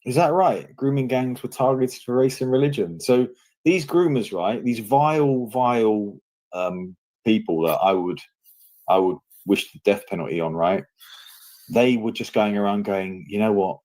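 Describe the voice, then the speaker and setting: A man's voice: on the low side, measured pace, a little mellow. A young man giving casual reaction commentary in a mocking, sarcastic tone, with plenty of rhetorical questions.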